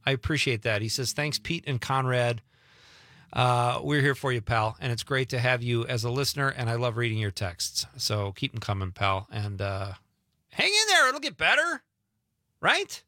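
A man's voice: medium pitch, steady tone, moderate pace, a bit bright, no room sound, studio quality. A man hosting a late-night radio show, chatting casually and joking as he reads listener texts aloud.

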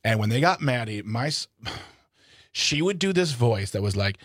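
A man's voice: mid-range voice, expressive, unhurried, dry recording, studio quality. A man co-hosting a radio talk show, wry and joking in casual chat. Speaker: radio co-host. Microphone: studio microphone.

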